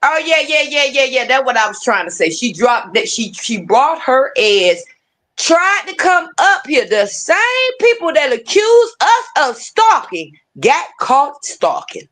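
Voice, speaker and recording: A woman's voice: high-pitched, very animated, a little slow, fairly bright tone. A woman hosting a livestream, ranting casually with heated, profane, repetitive talk. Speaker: livestream host.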